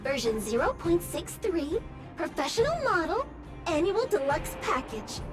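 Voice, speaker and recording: A woman's voice: very high-pitched, sing-song, measured pace, exaggerated voice. A woman voicing a cheeky little robot object finder in a video game, chirping beeps and sassy announcements. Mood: chirpy. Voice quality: says "beep" aloud between lines. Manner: sassy, cheerful, singsong announcements. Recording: game audio with background music.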